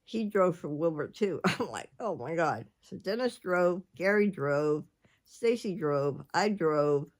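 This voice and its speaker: A woman's voice: fairly low pitch, expressive, a little slow. Rambling chatty older woman. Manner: rambling, chatty, jumps between subjects. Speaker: vlogger. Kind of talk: casual chat.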